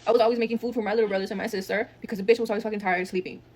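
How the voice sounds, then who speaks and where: A woman rattles off a family drama at a quick clip, swearing freely and slipping Spanish phrases into her English. Her delivery is blunt and unfiltered, a storytime monologue. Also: mid-range voice, fairly even intonation, a little mellow.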